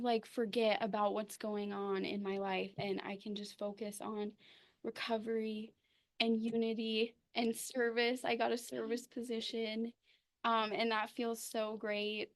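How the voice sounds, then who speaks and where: A young woman giving a personal recovery testimony, halting and full of ums and pauses. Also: medium pitch, vocal fry. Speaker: recovery meeting speaker.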